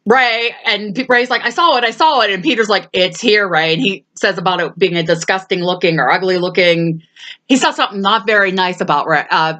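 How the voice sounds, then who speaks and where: A woman's voice: on the low side, brisk, bright, forceful tone. A woman hosting a casual movie review, retelling scenes with frequent laughs and acting out the quoted lines. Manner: laughs often while talking. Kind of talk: casual movie recap chat.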